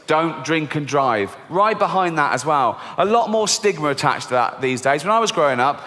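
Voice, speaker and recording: A middle-aged man doing a stand-up comedy routine, with lively delivery and deadpan punchlines. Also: on the high side, moderate pace. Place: large theatre stage. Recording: live theatre with long hall reverb. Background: audience laughter.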